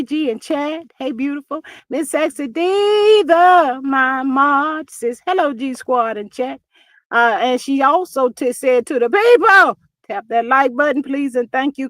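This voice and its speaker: A high-pitched woman, chatting casually on her livestream. She is folksy and playful and greets her viewers by name. The sound is dry and close, with no room around it. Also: no room sound. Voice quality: animated, playful. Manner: chatty, folksy, reads chat names aloud. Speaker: livestream host.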